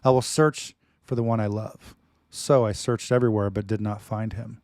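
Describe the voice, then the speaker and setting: A man reading scripture aloud at home, putting loud emphasis on the verses and breaking off for joking asides. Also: lowish voice, fairly even intonation, normal speed, no room sound, studio quality. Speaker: Bible reading host. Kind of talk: Bible reading with casual commentary.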